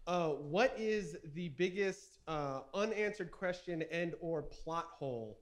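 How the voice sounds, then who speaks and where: A man's voice: fairly high pitch, animated, slow. A man from the audience asking a hesitant question.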